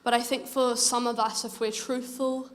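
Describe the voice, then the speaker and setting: A woman's voice: on the high side, flat delivery, normal speed, big-room sound. A woman preaching a sermon, earnest and urging, telling stories in a conversational way. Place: church.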